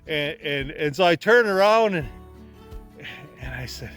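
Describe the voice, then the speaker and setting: Rambling male storyteller, a little high-pitched, casual and unhurried. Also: lively intonation, a bit bright, faint music behind. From Wisconsin. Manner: rambling, repeats words as he restarts. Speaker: homesteader and former sled dog guide.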